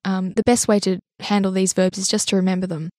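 A woman presents a language lesson podcast, explaining points clearly and in a friendly way, and questioning her co-teacher. Her voice sits mid-range and is recorded dry and close. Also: mid-range voice, level tone, fast talker, a little mellow, no echo.

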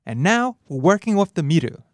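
A man hosting a language lesson podcast, explaining grammar in a lively way, laughing often and acting out dialogue lines. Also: high-pitched, a little fast, dry recording, clean studio sound. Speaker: language teacher and host.

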